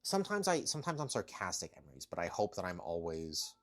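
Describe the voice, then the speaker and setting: A man with a deep, fairly bright voice talks fast in a sing-song way. He's livestreaming from a corner of his kitchen at home, chatting casually with viewers as he works out and scolds his cats.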